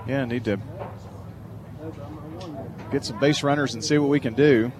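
A man doing color commentary on a radio baseball broadcast, giving short, low-key replies. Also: steady tone, a little slow, darkish tone.

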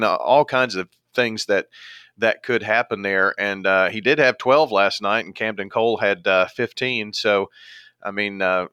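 A man's voice: fairly low pitch, bright, forceful tone, clean tone, no room sound, clean studio sound. A man hosting a sports radio interview, chatty and asking leading questions.

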